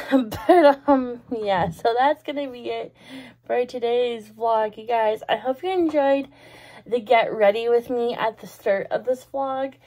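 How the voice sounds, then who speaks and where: A woman's voice: on the high side, slow, darkish tone. A woman in her twenties vlogging in a casual, rambling way, giggling and exclaiming often. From Canada. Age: 20s. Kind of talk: casual chatty vlog.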